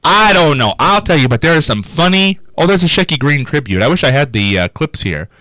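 A man hosting a radio show, telling an anecdote in a casual, animated way and laughing as he goes. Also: on the high side, brisk, no room sound, poor audio. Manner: animated, laughs through his stories. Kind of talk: casual storytelling chat.

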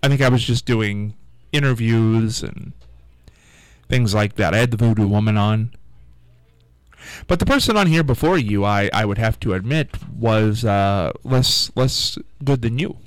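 A man's voice: lowish voice, a little slow, smooth, no echo, rough recording. A male radio host in casual on-air chat, rambling and searching for his words.

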